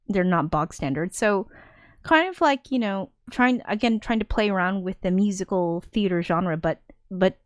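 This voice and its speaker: Woman streamer, mid-pitched, rambling chat, dry close-mic sound. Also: animated, normal speed, dry recording. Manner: rambling, giggly, self-deprecating. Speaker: streamer and musician. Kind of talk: casual live-stream chat.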